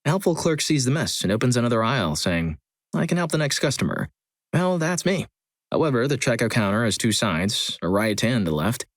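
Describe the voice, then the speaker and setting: A man reading out short stories in a steady, scripted storytelling delivery. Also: medium pitch, fairly quick, no echo. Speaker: story channel narrator. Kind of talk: scripted narration of reader stories.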